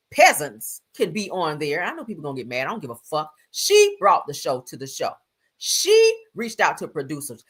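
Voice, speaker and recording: A woman host chatting through celebrity gossip on a livestream, sassy and emphatic as she reads quotes aloud and reacts to them. Her voice sits low but swings widely, with a bright, forceful edge. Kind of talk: casual celebrity gossip commentary.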